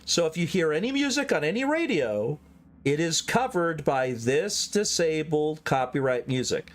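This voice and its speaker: A man's voice: fairly high pitch, sing-song, normal speed. A man from the American South giving casual, chatty commentary on his own gameplay and talking straight to his viewers. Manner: chatty, talks straight to chat. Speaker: streamer.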